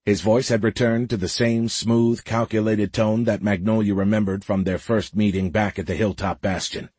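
A man narrating a science fiction audiobook in a steady, measured way. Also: fairly low pitch, husky, no room sound. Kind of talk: scripted narration.

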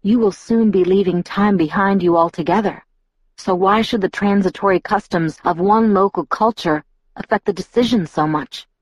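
A woman voicing a formal, gentle young male vampire. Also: mid-range voice, normal speed, dry recording, natural voice. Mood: gently persuasive. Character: old-fashioned earnest young male vampire. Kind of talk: audiobook character voice. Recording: dull lo-fi audiobook recording.

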